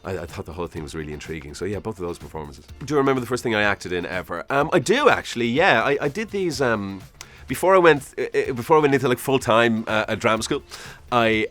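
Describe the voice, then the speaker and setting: A man's voice: on the low side, very animated, fast talker, fairly bright tone. A man in his forties, an actor answering interview prompts in a chatty, self-deprecating way, laughing at himself as he rambles through memories.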